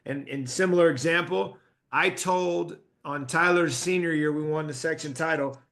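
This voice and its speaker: Bright-voiced male podcast host. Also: fairly high pitch, moderate pace. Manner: reflective, drawing lessons from the guest's stories. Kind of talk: casual interview chat.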